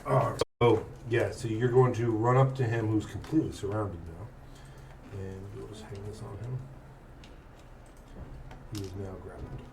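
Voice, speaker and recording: A man's voice: lowish voice, fairly even intonation, measured pace, long pauses, a little mellow, distant mic, slight background noise. A man narrating a tabletop role-playing game as game master, laughing often.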